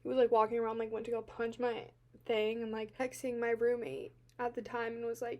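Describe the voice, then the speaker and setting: A young woman telling a personal account to camera, halting and teary-eyed, full of filler words, swinging between quiet and loud. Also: fairly high pitch, steady tone. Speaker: vlogger.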